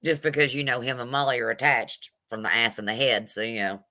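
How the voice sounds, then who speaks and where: A woman streaming her casual commentary on a video, blunt, sassy and quick to swear. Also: a bass voice, pushed and bright.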